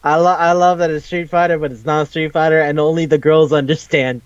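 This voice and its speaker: A fairly high-voiced man chats casually on a podcast, telling stories in a rambling, excitable way and swearing freely. His voice sounds close and dry on a dull, lo-fi recording. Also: brisk, clear, resonant tone, no room sound. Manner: rambling, profane, animated storytelling. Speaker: podcast co-host. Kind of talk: casual chat.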